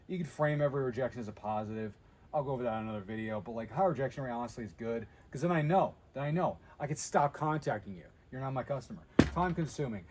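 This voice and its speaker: A man giving a casual, energetic talk to camera on sales methods, blunt and quick to interrupt himself. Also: medium pitch, a little hiss or hum. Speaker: sales trainer.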